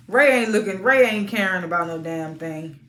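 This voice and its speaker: A woman giving a casual, outspoken recap of a reality TV episode, animated and prone to sudden high-pitched exclamations. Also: normal speed, echoey room. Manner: informal and outspoken.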